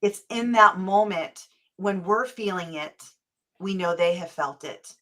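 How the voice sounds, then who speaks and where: A woman's voice: fairly low pitch, measured pace, sharp tone. A woman hosting a parenting podcast, talking earnestly and thinking aloud. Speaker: podcast host. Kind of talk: podcast interview.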